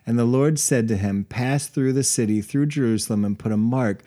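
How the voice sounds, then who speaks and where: A man with a mellow, warm voice co-hosts a relaxed Bible study podcast. He reads passages aloud in a steady, even way. Then he slips into easygoing chat with quick laughs. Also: medium pitch. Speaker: podcast co-host.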